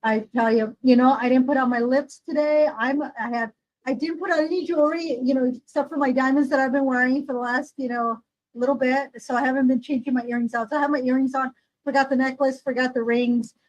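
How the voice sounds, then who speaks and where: A woman's voice: sits high, steady tone, brisk, highs cut off. A woman co-hosting a podcast in casual chat, rambling with many fillers. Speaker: podcast co-host.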